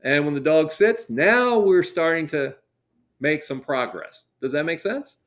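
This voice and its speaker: A man's voice: on the high side, animated, unhurried, fairly bright tone. A middle-aged man, a guest dog trainer, explaining in casual interview chat and acting out client dialogue as he tells stories. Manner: storytelling, acts out client dialogue.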